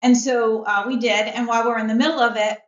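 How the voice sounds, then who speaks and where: Earnest middle-aged mother, slightly high voice. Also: fairly even intonation, fast. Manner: earnest, with frequent fillers. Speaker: podcast guest, mother. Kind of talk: candid conversational storytelling. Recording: roomy, dull-sounding audio.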